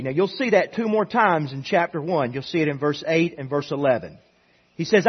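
Husky high-voiced preaching pastor. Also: male voice, big pitch swings, brisk, dull audio. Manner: builds from quiet asides to emphatic repeated preaching. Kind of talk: sermon. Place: church sanctuary.

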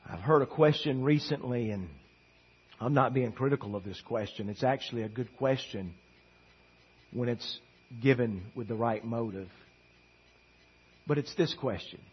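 A man preaching a sermon as pastor, emphatic and swinging between hushed passages and loud declarations. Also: medium pitch, normal speed, pauses often, slightly rough, lo-fi sound.

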